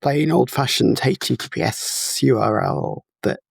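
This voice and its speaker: His medium-pitched voice is creaky and slightly rough, and he keeps a measured pace on a dry recording. He's a guest in a relaxed technical chat for a podcast, patched in by video call, breaking things down step by step with plenty of fillers.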